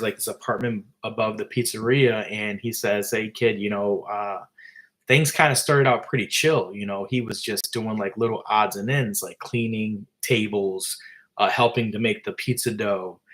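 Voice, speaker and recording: A man's voice: lowish voice, fairly bright tone. Rambling casual male storyteller. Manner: rambling, filler-heavy. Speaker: author and storyteller.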